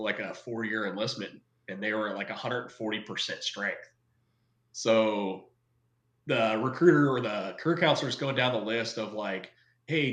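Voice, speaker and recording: A man's voice: on the low side, a bit bright. A man from California telling stories in a casual, slangy way, acting out the people he quotes. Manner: laid-back, slangy, acts out quoted voices. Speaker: guest. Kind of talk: casual storytelling. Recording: roomy echo.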